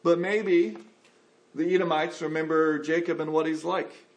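Male preacher, slightly higher voice, animated sermon delivery, acts out quotes. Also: measured pace.

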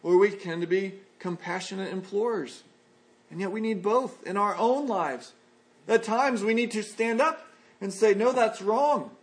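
A man preaching an expository sermon as a pastor, earnest and measured, in a conversational tone. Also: high-pitched.

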